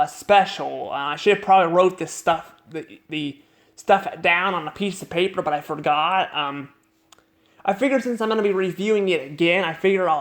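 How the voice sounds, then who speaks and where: Male cartoon reviewer, slightly high voice, unscripted, halting delivery full of restarts. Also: fairly bright tone. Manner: rambling, halting, many restarts and repeated words.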